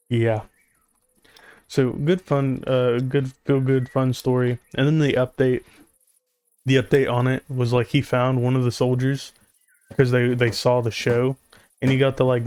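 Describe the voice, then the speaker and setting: A man chats casually over a video game at a middle pitch. He rambles and stumbles through his story and drops in dry, sarcastic jokes. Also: a little mellow. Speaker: gaming YouTuber. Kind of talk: casual commentary over gameplay.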